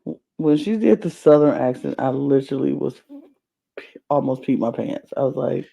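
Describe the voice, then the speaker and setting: In dull lo-fi podcast sound, another co-host with a creaky, mid-range voice talks at normal speed. He meanders through the reality-show recap casually, often stopping to restart and leaning on fillers.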